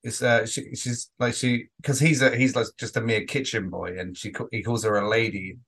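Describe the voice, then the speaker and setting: A man's voice: mid-range voice, steady tone, moderate pace, a bit bright, husky. A man co-hosting a casual podcast chat, rambling with frequent restarts and some swearing. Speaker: podcast co-host.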